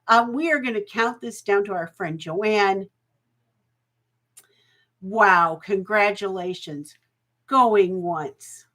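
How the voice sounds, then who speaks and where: A woman's voice: medium pitch, slow, pauses often, a bit bright. A woman hosting a live jewelry auction stream, chatty and folksy, laughing often and getting emotional.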